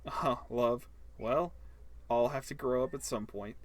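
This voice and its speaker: A man's voice: mid-range voice, measured pace. A man giving casual, joking commentary while playing a story game and talking back to it. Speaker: gameplay host.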